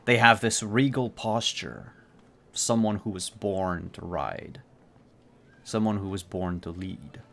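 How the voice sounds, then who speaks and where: A man narrating a tabletop role-playing game as game master, halting, with frequent fillers and restarts. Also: low voice, creaky, fairly bright tone.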